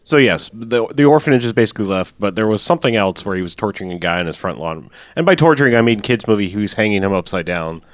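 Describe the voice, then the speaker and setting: A man's voice: lowish voice, animated, fast talker, hardly any pauses, dry recording. A man chatting casually on a podcast about a movie, rambling and grumbling and swearing now and then. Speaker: podcast co-host. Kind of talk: casual chat reviewing a movie.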